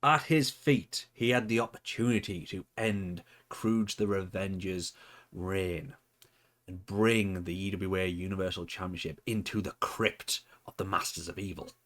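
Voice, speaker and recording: A man voicing a cryptic female wrestling manager in a put-on accent, speaking slowly and solemnly. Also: deep voice, steady tone, a bit bright. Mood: ominous, commanding. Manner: slow, solemn, commanding promo. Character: cryptic woman manager of a villain stable.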